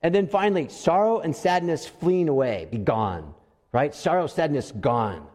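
A middle-aged pastor preaches to his congregation in a lively, storytelling manner, dropping to a hush and then rising again. His voice sits a little high for a man, and a long reverb trails each phrase through the sanctuary. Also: normal speed. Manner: animated storytelling, swings between loud and soft. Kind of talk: sermon. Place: church sanctuary.

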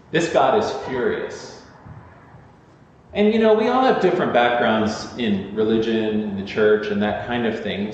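A man's voice: mid-range voice, a little hiss or hum. Preaching man in an echoey hall. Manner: earnest, conversational preaching with emphatic repetition. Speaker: pastor. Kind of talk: sermon. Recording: echoey church hall, slightly dull sound.

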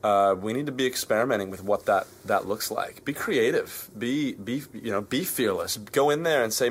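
A man's voice: fairly low pitch, normal speed, few pauses, slightly rough. A man with an Australian accent, a musician answering in a backstage interview, pressing and repeating his points with urgency. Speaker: musician guest. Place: backstage at a concert venue.

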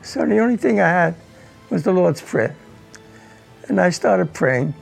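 Gravelly, emotional man in his nineties. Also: high voice, expressive, faint music behind, poor audio. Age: 90s. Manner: halting, repeats words, voice breaks with emotion. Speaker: war veteran. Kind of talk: recounting personal war memory.

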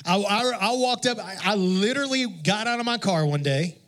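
A man's voice: high-pitched, normal speed, fairly bright tone. A man preaching a sermon in a conversational, self-deprecating storytelling manner, often restarting his sentences. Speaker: pastor.

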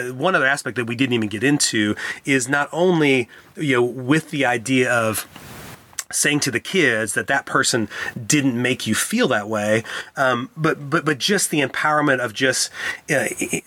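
A man co-hosting a casual parenting podcast as a counselor, telling stories with lively acted-out quotes. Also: medium pitch, moderate pace. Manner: animated storyteller who acts out quotes. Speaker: licensed counselor, podcast co-host.

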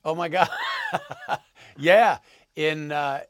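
A man answering interview questions as an actor guest, halting and thoughtful with many pauses. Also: on the high side, no echo, studio quality.

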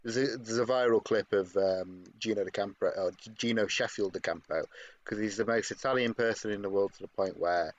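A man's voice: lowish voice, a little fast, highs cut off. A British man co-hosting a casual podcast, explaining things in long, digressive asides. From Britain. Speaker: podcast co-host.

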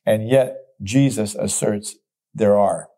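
A man's voice: lowish voice, takes it slowly, warm tone. A middle-aged man teaching from the Bible as a pastor, earnest and emphatic, reading verses aloud and explaining them.

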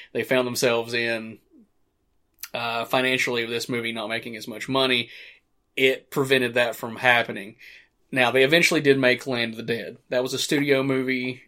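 Male podcast host, casual commentary, rambling delivery, mid-pitched voice, swears casually. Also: sharp tone. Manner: rambling, frequent restarts and fillers, casual swearing. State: hiccups.

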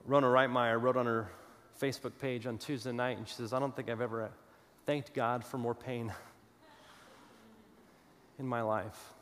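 A man preaching a sermon, telling a story with dramatic pauses and moving between loud declarations and hushed asides. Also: medium pitch, fairly even intonation. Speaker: pastor. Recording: long hall reverb.

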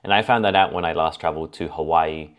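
A man's voice: very deep voice, quick pace, clear, resonant tone. A man hosting a solo fitness podcast, talking casually and laying out his tips point by point. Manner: chatty, lists points as A and B. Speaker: fitness coach podcast host.

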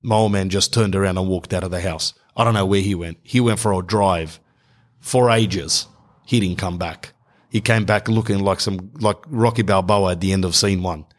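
Young Aussie comic storyteller, lowish voice, acts out each character. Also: male voice, normal speed. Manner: animated, acts out characters in dialogue. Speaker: comedian.

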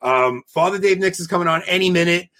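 A man's voice: high-pitched, fast talker, a bit bright. A man hosting a casual live-stream chat over a video call, joking and rambling with many restarts. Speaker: show host.

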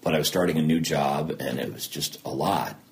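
A man's voice: extremely low pitch, a little fast. A middle-aged man, a TV news anchor speaking candidly as an interview guest and acting out both sides of old conversations. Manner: animated, acts out both sides of quoted dialogue. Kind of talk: candid personal storytelling.

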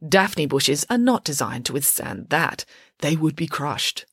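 A woman's voice: deep voice, big pitch swings, measured pace, a bit bright, no room sound, studio quality, heavily acted. A woman voicing a clever, precise schoolgirl detective who reasons step by step. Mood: deductive. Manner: crisp, logical, deducing step by step.

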